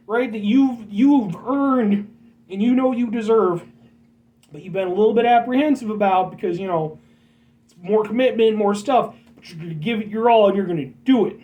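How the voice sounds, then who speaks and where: A man's voice: high-pitched, normal speed, darkish tone, recorded from a distance, poor audio. An American man hosting a casual vlog, rambling and joking as he talks to his viewers as folks. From United States. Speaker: vlog host.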